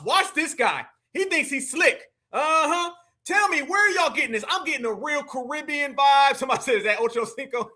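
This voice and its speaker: A man's voice: extremely high pitch, bright, forceful tone. A man hosting a live stream, reacting to clips with slangy, mocking commentary and talking straight to his chat. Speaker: livestream political commentator.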